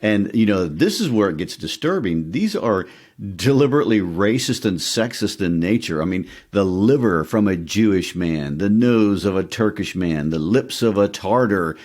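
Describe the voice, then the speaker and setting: A man with a very low voice talks through a classic play with his co-host. His delivery is casual and conversational, peppered with fillers, and he slows down to savor lists. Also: animated, a little mellow. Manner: conversational, many fillers, reads recipe lists slowly. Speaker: podcast co-host. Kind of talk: casual literature discussion.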